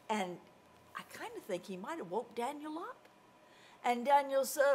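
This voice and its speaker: Woman doing a kids bible lesson, storyteller voice, bright and kinda high. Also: unhurried. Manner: animated storyteller, acting out voices with big swings in loudness.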